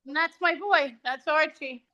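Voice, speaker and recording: A woman presents the dog she fosters over a video call, speaking casually and fondly about him. Her voice sits fairly high. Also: unhurried, bright, forceful tone, muffled recording.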